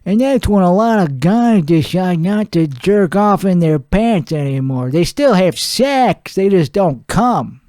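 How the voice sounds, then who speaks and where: A man's voice: high-pitched, lively intonation, measured pace, few pauses, a little mellow, dry recording, studio quality. A man playing a crude, boastful podcast host who rambles and laughs at his own jokes. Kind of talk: improvised character comedy monologue.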